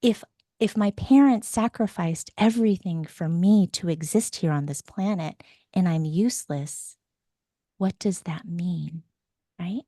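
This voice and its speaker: A woman coach talks at an unhurried pace, guiding with gentle probing questions. Her middle-pitched voice is recorded dry and close, with no room sound. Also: dry recording. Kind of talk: guided coaching session.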